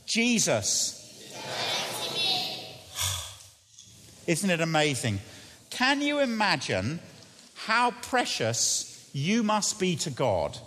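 A man's voice: a little high, a bit bright. A man preaching a sermon in earnest, asking his listeners questions and repeating key phrases. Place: church. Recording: long hall reverb.

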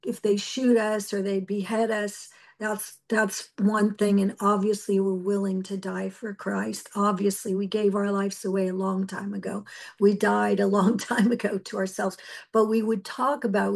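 A middle-aged woman preacher giving a personal testimony, telling her story earnestly and emotionally with halting restarts. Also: medium pitch, vocal fry, a little mellow.

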